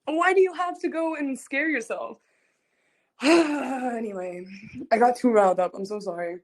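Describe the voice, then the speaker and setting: A young woman, a singer hosting a livestream, chatting casually and telling a story in an animated, rambling way, giggling often and repeating herself. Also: sits high, a little slow. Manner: frequent giggling. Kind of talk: casual chat.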